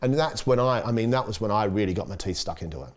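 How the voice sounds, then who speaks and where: A middle-aged Australian man, a chef, chatting casually on a podcast and telling lively stories, acting out quoted voices with big jumps in pitch. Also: quick pace. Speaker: chef guest.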